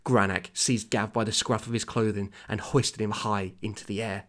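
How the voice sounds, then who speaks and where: A man's voice: fairly low pitch, level tone, normal speed. A man hosting a podcast, reading his old story aloud and breaking off to comment, laughing often. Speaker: podcast host.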